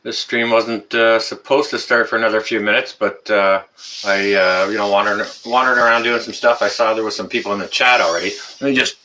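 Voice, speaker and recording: Male stream host, lowish pitch, bright tone, loose rambling chat with viewers. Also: fairly even intonation, a little fast, a little hiss or hum, low-quality recording. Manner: rambling, greets chat viewers by name, frequent uh fillers. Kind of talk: casual live stream chat.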